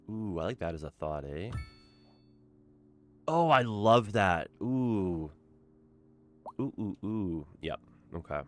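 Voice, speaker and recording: A lowish male voice with lively, bouncing intonation, a young man chatting to his live-stream viewers while he builds a city. He talks casually and upbeat, peppering his talk with "like" and "eh?". Faint music plays behind him.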